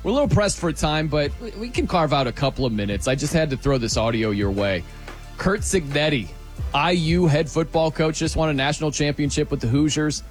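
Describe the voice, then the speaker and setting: A man's voice: a little high, animated, a little fast, faint music behind. A man hosting a sports talk radio show, bantering energetically with his co-hosts.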